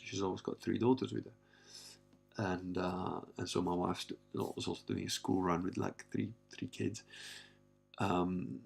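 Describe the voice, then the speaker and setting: A man's voice: low voice, gravelly, slightly rough. A man in his fifties talking candidly in a rambling casual monologue, blunt and given to swearing. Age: 50s. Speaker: podcast host.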